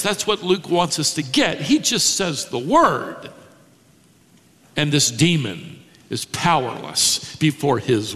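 A man's voice: a little high, a bit bright. A man preaching an expository sermon, teaching with emphasis, rhetorical questions and repeated key words. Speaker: pastor. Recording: long hall reverb.

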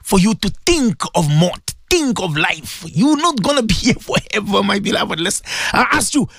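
A man's voice: sits high, a bit bright, no room sound, studio quality. A man giving an impassioned radio sermon, repeating himself and calling out to his listeners. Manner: fervent, repetitive, calls out to listeners. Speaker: radio religious teacher.

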